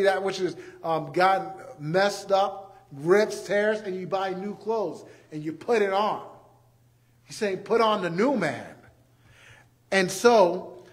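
High-voiced, animated male preacher. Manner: animated, acts out everyday scenes; repeats key phrases for emphasis. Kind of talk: sermon.

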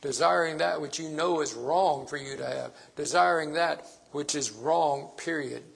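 A man's voice: on the high side, moderate pace, creaky, fairly bright tone, husky. A man preaching a sermon, stressing his points by repeating phrases.

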